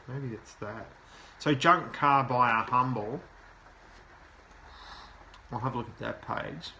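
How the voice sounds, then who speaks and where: A man's voice: medium pitch, slow, vocal fry, bright, forceful tone, muffled recording, slight background noise. A man hosting a live show, reviewing a website aloud and giving plain, direct advice. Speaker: SEO consultant host. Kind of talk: live website review, talking while browsing.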